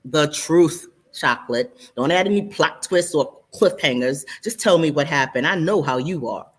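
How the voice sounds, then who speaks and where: A woman voicing a flirtatious male banker friend who talks in a low near-whisper with bass and a dry, teasing manner. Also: lively intonation, moderate pace, breathy edge.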